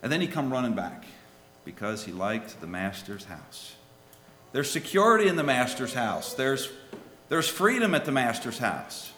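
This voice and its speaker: A man preaching a sermon and telling a children's story, swinging from soft, low asides to loud, high pleas. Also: sing-song, moderate pace. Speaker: lay preacher. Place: church. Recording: echoey hall with faint ambience.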